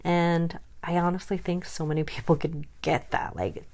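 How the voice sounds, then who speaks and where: A woman's voice: lowish voice, flat delivery, moderate pace, a little mellow. A woman frankly venting about being dismissed, heated and self-conscious in turn. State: chronically ill. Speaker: vlogger. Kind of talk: personal rant to camera.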